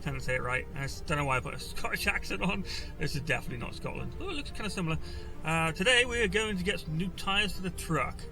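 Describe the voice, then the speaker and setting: A man's voice: a little high, quick pace, gravelly, rough recording. A man from Wales chatting and joking while driving on mountain roads for his vlog. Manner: chatty, joking, rambling asides. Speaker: vlogger. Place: inside a car on mountain roads. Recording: voice from off the mic, loud music behind. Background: loud music and car noise.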